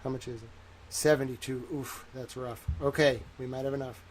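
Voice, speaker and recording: A man's voice: mid-range voice, fairly even intonation, moderate pace, a little hiss or hum. A man hosting a casual livestream. He rambles cheerfully to his viewers and thinks aloud while he types. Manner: chatty and upbeat with viewers. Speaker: livestream host.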